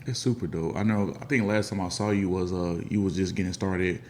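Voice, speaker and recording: Man, Memphis accent, podcast host, low-pitched, casual slangy chat, faint hiss. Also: steady tone, brisk, darkish tone. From Memphis, Tennessee. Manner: laid-back, slangy, acts out other voices.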